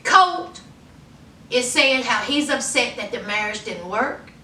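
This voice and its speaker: A sassy young woman, gossiping in a chatty way. Her voice is high and piercingly bright. She is recorded in an echoey room, a little away from the mic. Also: lively intonation, slow, distant mic, a little hiss or hum. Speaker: YouTube recap host. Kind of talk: casual chatty recap. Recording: roomy echo, off-mic.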